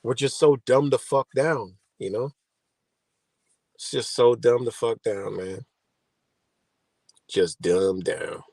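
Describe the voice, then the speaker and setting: A man rambles casually to his livestream audience, swearing freely as he drifts from thought to thought. His voice has a gravelly, creaky texture at a middle pitch. The sound is dry and close, with no room around it. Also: measured pace, a little mellow, no room sound. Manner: loose, profane, conversational. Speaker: livestream host.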